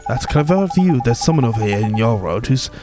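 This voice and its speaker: A man's voice: mid-range voice, animated, fairly quick, natural voice. A man voicing a chatty, boastful little male fairy sidekick in a Welsh accent, teasing and ending lines with tag questions, over game music. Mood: explaining.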